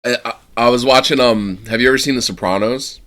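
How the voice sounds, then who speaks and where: A man co-hosting a podcast in casual chat, animated, laughing often and tripping over his words. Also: mid-range voice, quick pace. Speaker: podcast co-host.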